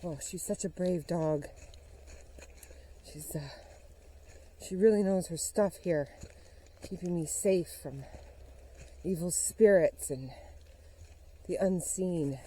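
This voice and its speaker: A woman's voice: on the low side, takes it slowly, long pauses, dark tone, a little hiss or hum, low-quality recording. A woman vlogging outdoors on a forest trail, narrating a playful mock-spooky investigation and talking to her dog, a little out of breath. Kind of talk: mock-serious investigation vlog.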